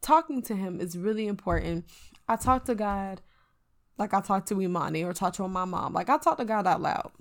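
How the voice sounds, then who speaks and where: A woman co-hosting a casual faith podcast, telling a personal story in an earnest, animated way. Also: mid-range voice, fairly quick. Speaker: podcast co-host.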